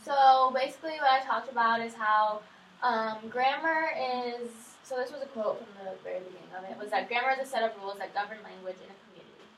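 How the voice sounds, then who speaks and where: A young woman, a student, briskly summarizing her reading and keeping the study group on task. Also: on the high side, fairly bright tone. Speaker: student presenter. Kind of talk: casual study group discussion. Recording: echoey room, distant mic, faint noise.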